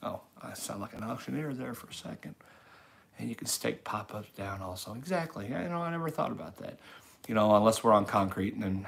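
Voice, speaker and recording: A man's voice: fairly low pitch, animated, brisk, vocal fry. A man hosting a casual late-night livestream, rambling easily and reading viewers' chat messages aloud. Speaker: livestream host. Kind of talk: casual live-stream chat reading comments.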